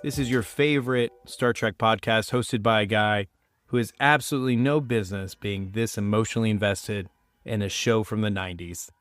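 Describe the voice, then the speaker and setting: A man hosts a podcast on his own in casual, chatty talk with self-mocking asides. His voice sits low and he is still getting over a sinus cold. He is close on the mic in a dry, dead room. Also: steady tone, moderate pace, fairly bright tone, no echo, soft background music. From United States. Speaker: podcast host.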